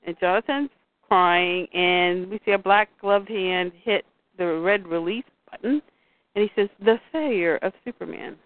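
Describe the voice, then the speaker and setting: A woman's voice: mid-range voice, measured pace, dry recording. A woman co-hosting a casual chat, retelling comic scenes and reading the dialogue aloud. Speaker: comics podcast co-host. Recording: tinny phone-like line, dry.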